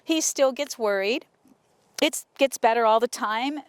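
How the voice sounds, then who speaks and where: A woman horse trainer talking casually to her viewers while working a horse outdoors, often breaking off to softly praise the horse. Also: a little high, a little slow, clear, resonant tone, dry recording. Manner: chatty, soothing praise to the horse. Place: outdoor arena.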